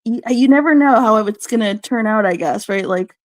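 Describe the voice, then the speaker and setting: Brief: woman from the US South, casual panel guest, agreeable, hesitant, lively higher voice. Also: normal speed, no echo. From Southern United States. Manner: agreeable and hesitant, often says yeah and I don't know. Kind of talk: casual gossip chat.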